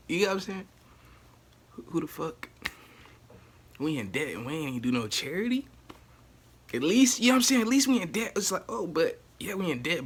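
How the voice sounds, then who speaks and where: A man vlogging to camera, ranting casually in slang, repeating "you know what I'm saying" and swinging from low muttering to loud exclaiming. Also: slightly rough.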